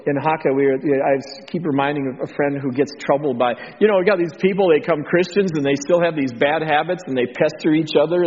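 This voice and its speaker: Texan preacher in a reverberant hall. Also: male voice, a little high. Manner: rambling, animated, many ums and restarts. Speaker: missionary preacher. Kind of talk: informal sermon. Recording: dull lo-fi sound with long hall reverb.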